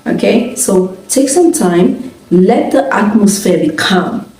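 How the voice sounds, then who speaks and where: A woman's voice: medium pitch, animated, slow pace, dark tone. A married woman giving casual marriage advice to camera, earnest and checking in with "okay?" after nearly every point. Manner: earnest, repeats "okay?" often. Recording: echoey room, distant mic, faint music.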